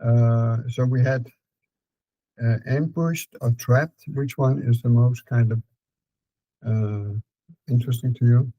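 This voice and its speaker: A man with a Danish accent calmly guiding a client through a therapy session, repeating prompts slowly. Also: medium pitch, no echo, rough recording. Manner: calm, repetitive prompting with fillers.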